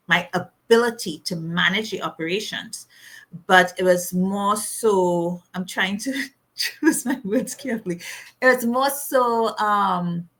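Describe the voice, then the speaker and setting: A middle-aged woman telling a personal story as an interview guest, animated, laughing often and acting out the voices of people she quotes. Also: on the low side.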